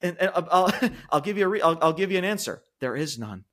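Fast and expressive, this man's high voice carries a somewhat bright tone. As a co-host on a wrestling podcast, he launches into a heated, casual rant full of curse words and repetition.

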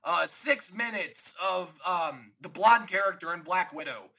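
A man's voice: high voice, animated, unhurried, pushed and bright, low-quality recording. A man co-hosting a podcast, chatting casually about a movie and laughing easily. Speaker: podcast co-host.

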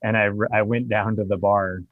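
Low-voiced bar owner telling profane stories. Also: male voice, moderate pace, dry recording, narrow, tinny audio. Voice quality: profane, animated anecdote telling. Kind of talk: casual storytelling.

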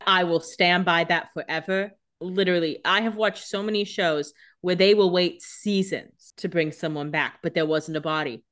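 A woman's voice: on the low side, fairly even intonation, normal speed, few pauses, fairly bright tone. A woman co-hosting a casual podcast, reacting to a TV recap with chatty jokes and frequent laughter. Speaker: podcast co-host.

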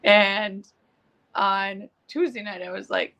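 A middle-aged woman with a gravelly, bright edge tells a story in relaxed podcast chat. She is animated and swears freely, acting out the quoted lines as she goes. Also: fairly low pitch, normal speed, dull audio. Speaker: podcast co-host.

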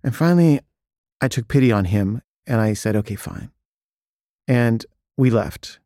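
A man's voice: medium pitch, normal speed, dry recording, studio quality. A father telling a personal story in a casual way, re-enacting each back-and-forth. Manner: lively, re-enacts each quoted exchange.

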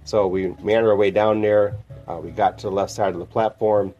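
Low mellow-voiced guy on a podcast, telling his faith story, heartfelt and reflective, kinda muffled audio w faint music. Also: steady tone, brisk. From northern Illinois. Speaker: podcast host. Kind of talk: personal testimony.

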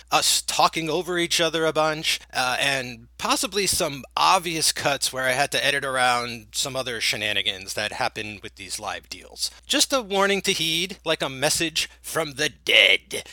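A man's voice: medium pitch, sharp tone, no echo. A man with a New Jersey accent hosting a podcast, delivering a solo intro monologue full of playful, sarcastic asides. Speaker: podcast host.

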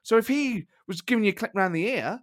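A man's voice: high-pitched, quick pace, no echo, clean studio sound. A man from Nottingham chatting casually on a podcast, telling stories with lots of laughter. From Nottingham, England. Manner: animated storyteller, laughs often. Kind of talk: casual chat.

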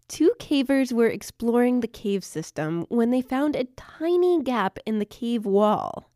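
A woman's voice: on the high side, dark tone, no room sound, studio quality. Cheerful woman narrating a science show. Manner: clear, cheerful explaining with frequent laughs. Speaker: podcast host. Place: at her desk.

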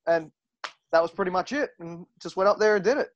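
A man's voice: fairly high pitch, fast talker, no room sound. A man who wrestles for a living, telling stories in a casual interview. He swears freely and acts out what other people said. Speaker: professional wrestler guest. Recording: dull lo-fi recording.

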